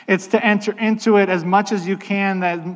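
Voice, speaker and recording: A man preaching a sermon in a conversational way, slowing down to stress key points. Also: high voice, fairly even intonation, big-room sound. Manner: conversational, slows down for emphasis. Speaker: pastor.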